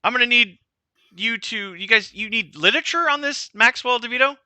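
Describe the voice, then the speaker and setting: A man's voice: very high voice, brisk, pushed and bright, dry recording, voice pushed up, full character voice. A man playing fussy halfling Lucky. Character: young halfling clerk, flustered and fussy.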